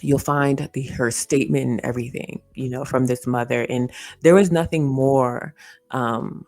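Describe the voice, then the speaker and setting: A woman with an extremely low-pitched, darkish voice hosts a casual commentary livestream, earnestly repeating her points and using "you know" a lot. The recording from her streaming setup is dry.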